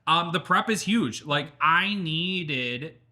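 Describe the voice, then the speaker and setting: Bright-voiced chatty male podcast host. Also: fairly high pitch, expressive, slow. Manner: chatty, rambling, swears and laughs often. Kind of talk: casual interview chat.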